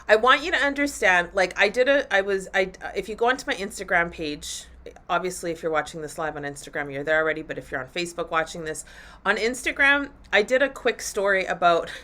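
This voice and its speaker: A woman hosts a live motivational talk for her listeners. Her voice is bright and forceful, and she speaks candidly and with animation, dropping swear words freely along the way. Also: lowish voice. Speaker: podcast host and women's coach.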